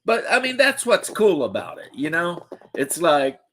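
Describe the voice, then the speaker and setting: An American livestream host rambles through casual chat, cracking jokes and swearing. His voice is a little high and a bit bright, with huge pitch swings and a slightly slow pace, over slight background noise.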